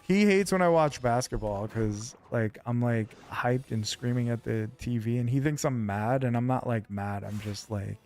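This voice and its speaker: A man's voice: mid-range voice, normal speed, hardly any pauses. A man streaming a video game, chatting casually with his viewers in a loose, rambling way full of fillers. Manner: rambling, relaxed, lots of fillers.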